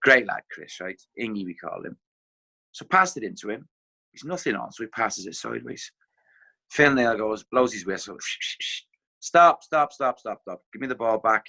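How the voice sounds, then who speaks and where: A middle-aged man with an Irish accent, a former footballer telling animated anecdotes as a podcast guest, acting out what others said. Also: lowish voice, normal speed, gravelly. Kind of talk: casual podcast storytelling.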